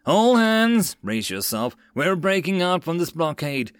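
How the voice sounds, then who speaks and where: A man's voice: on the high side, big pitch swings, moderate pace, a bit bright, clean tone, no room sound, pitched above the performer's own voice. A man voicing a boat skipper under fire who barks urgent commands. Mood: commanding.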